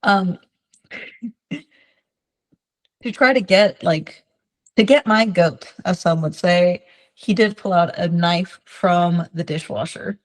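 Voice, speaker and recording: A woman's voice: on the low side, slow, long pauses, low-quality recording. A woman behavior specialist teaching through stories from her work, acting out the lines she quotes.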